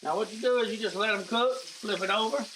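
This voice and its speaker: A man's voice: high voice, fast talker, sharp tone, a little hiss or hum, low-quality recording. A middle-aged man hosting a casual home cooking demo, chatty and folksy, talking to viewers as guys. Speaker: cooking show host. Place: home kitchen.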